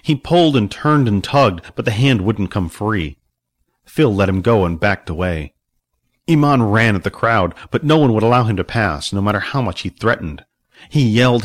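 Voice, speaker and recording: Man narrating a story, lively pitch. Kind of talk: audiobook narration with voiced characters.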